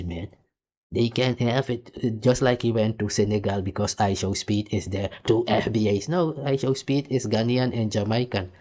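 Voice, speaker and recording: Mocking low-voiced man ranting. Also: a little mellow. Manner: mocking, insulting, argumentative. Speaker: commentary host reacting to clips. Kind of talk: heated reaction commentary.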